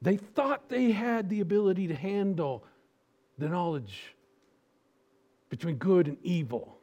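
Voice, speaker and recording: A preacher delivering a sermon with a somewhat high voice. He throws questions at the congregation and swings between loud, punchy lines and quiet, slowed-down appeals. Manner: animated, rhetorical questions, acts out voices.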